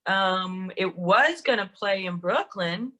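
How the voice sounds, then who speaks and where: A woman's voice: medium pitch, slow pace, dull audio. A woman guest, telling set stories in a loose, laughing way and acting out what people said. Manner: animated, laughing, swearing, acts out quotes. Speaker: podcast guest, actress and director. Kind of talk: casual storytelling interview.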